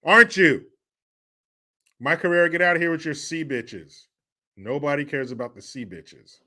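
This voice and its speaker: A man hosting a livestream, reading viewer chat aloud and bantering in a loud, profane, joking way, often laughing and teasing rival fans. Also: on the high side, brisk. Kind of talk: casual chat.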